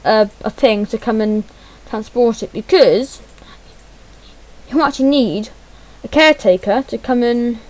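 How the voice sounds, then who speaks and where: A woman's voice: fairly high pitch, unhurried, poor audio. A woman giving chatty, self-deprecating gameplay commentary, muttering to herself as she fumbles through menus. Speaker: gaming channel host.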